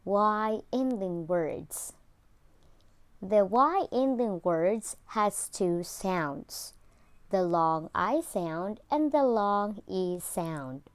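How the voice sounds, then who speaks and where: A woman's voice: mid-range voice, expressive, extremely slow. A woman teaching English pronunciation, repeating each word twice and drawing out the sounds, with English that is not her first language. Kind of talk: slow, repetitive pronunciation lesson.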